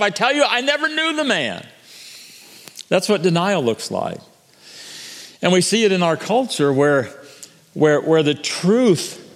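High-voiced preacher in a reverberant hall. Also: male voice. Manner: earnest preaching with frequent restarts and repetitions. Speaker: pastor. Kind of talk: sermon.

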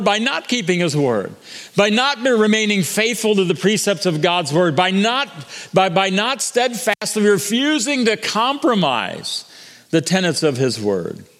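Male pastor, higher voice, earnest sermon delivery with restarts, long hall reverb. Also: a bit bright. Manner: earnest preaching with frequent restarts and repetitions.

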